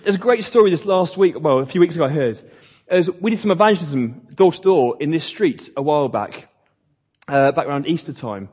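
A man's voice: on the high side, animated, fairly quick, a little mellow, husky. A man, a pastor giving a conversational sermon, mocking quoted voices now and then. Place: church hall. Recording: echoey hall, dull lo-fi sound.

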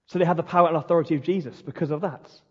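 A man preaching a passionate, emphatic sermon as pastor of his church, with dramatic pauses. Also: a little high, fairly even intonation, breathy edge. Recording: dull sound in a hall with long reverb.

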